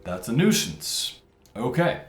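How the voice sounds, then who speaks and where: A man's voice: medium pitch, very animated, slow, fairly bright tone. A man casually commentating a video game, thinking aloud and muttering over his tactics as he plays. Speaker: gameplay commentator. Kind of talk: casual let's-play commentary. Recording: roomy mic with game music behind.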